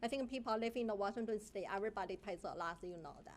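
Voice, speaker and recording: A middle-aged woman from China with a Chinese accent, giving an indignant public comment at a city council meeting in halting, broken English. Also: medium pitch. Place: council chamber.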